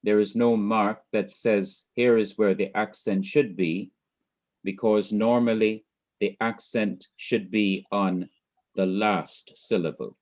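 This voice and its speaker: Male teacher, low-ish voice, very slow and methodical, lo-fi sound. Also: steady tone. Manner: methodical, repeats points and quizzes the student. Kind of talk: class lecture.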